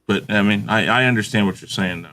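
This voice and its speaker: A low-pitched man talking casually on a review panel. He explains patiently and corrects others firmly. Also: quick pace, pushed and bright, a little hiss or hum. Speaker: podcast panelist. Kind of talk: casual chat.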